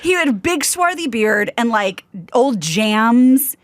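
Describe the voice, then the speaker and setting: Animated woman telling a story. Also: fairly high pitch, slow, no echo, clean studio sound. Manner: animated storyteller, quotes people in lively voices. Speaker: podcast co-host. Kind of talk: casual storytelling chat.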